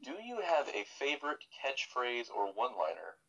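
Lively-voiced man asking playful questions. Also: mid-range voice, moderate pace, vocal fry, lo-fi sound. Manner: reads questions with playful asides. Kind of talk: casual chat.

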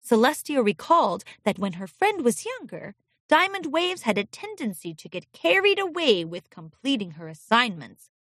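Animated woman reading a storybook. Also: a little high, no echo, studio quality. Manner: expressive, animated. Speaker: narrator.

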